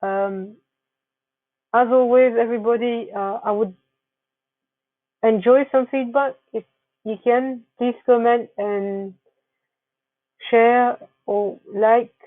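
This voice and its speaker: This wellness presenter, a woman narrating slides, speaks slowly with long pauses in a fairly high, fairly even voice, earnestly advising and restarting often. The recording is dry, close, and tinny like a phone, with no room sound at all.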